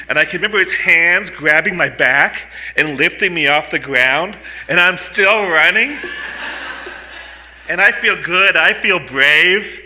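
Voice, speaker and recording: A man in his fifties from the United States, telling a true story live on stage into a mic on a stand, with animated, punchy delivery and comic asides. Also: fairly high pitch. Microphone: mic on a stand in front of him.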